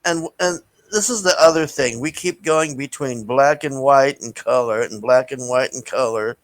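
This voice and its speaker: A man's voice: medium pitch, moderate pace, no room sound, rough recording. Blunt, profane man rambling a film review. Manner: blunt and profane, with many fillers and restarts. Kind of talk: casual rambling movie review.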